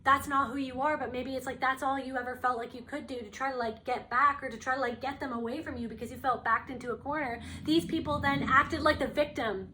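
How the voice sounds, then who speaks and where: A woman's voice: high voice, steady tone, a little fast, hardly any pauses, sharp tone, slight background noise. A young woman giving a casual spiritual tarot reading, talking earnestly in a rambling way with many fillers. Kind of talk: casual channeled reading to camera.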